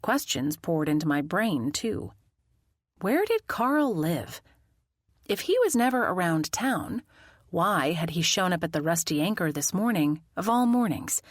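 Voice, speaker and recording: Expressive woman audiobook narrator. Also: lowish voice, unhurried, no echo, clean studio sound. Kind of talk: first-person audiobook narration.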